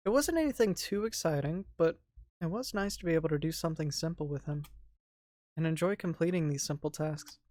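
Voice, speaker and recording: A voice actor voicing a lonely, hurt young woman who narrates her day softly in a visual novel dub. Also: mid-range voice, a little fast, dry recording, studio quality, natural voice. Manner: soft, quiet, subdued narration.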